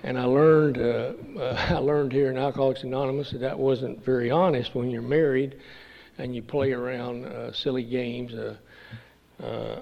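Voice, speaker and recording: An older man from Texas shares his story at a recovery meeting, pausing often in a halting, folksy way. His voice has a gravelly rasp and sits at an ordinary pitch. The dull, lo-fi recording carries a long reverb from the meeting hall. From Texas, USA. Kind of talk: personal testimony at a meeting. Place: meeting room.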